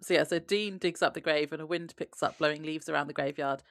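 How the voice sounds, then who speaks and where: A woman with a gravelly, lowish voice recaps an episode in easygoing podcast chat. She laughs often and slips quoted lines into her retelling. The sound is close and dry. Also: steady tone, fast, no echo. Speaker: podcast co-host.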